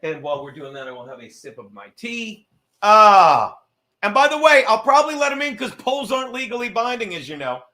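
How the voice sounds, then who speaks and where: A man's voice: high-pitched, sing-song, fairly quick, bright, forceful tone. Profane, rambling male livestream host. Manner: profane, rambling, self-interrupting; reads viewer messages aloud. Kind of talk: casual livestream chat.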